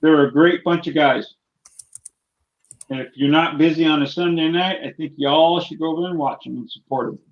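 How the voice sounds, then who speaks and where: A man's voice: a little high, normal speed, muffled recording. A man joking around good-naturedly on a casual live stream.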